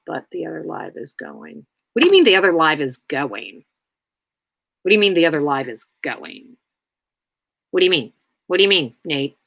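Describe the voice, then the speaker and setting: Slow, bright-voiced woman streaming live. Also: medium pitch, no echo. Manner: rambling, many fillers, blunt. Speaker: livestream host. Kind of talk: casual livestream chat answering viewers.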